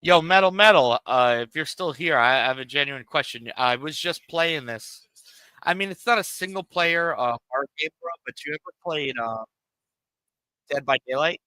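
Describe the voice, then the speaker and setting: A man's voice: fairly high pitch, moderate pace, pushed and bright, dry recording, low-quality recording. A man streaming a game and chatting casually, rambling and swearing in a laid-back way on a cheap home mic. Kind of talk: casual stream chat while gaming. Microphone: cheap home microphone.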